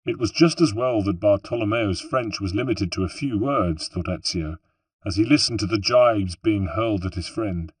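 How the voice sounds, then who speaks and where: A man narrating an audiobook in a steady, measured way. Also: fairly low pitch, slightly rough, no room sound, distant mic. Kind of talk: scripted narration.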